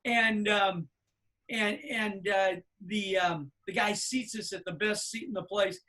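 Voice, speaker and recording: A middle-aged man telling a long anecdote on a podcast, acting out the people he quotes in loud, animated voices. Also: high-pitched, unhurried. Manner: animated storyteller, acts out quoted people loudly. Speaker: podcast co-host. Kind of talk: casual storytelling.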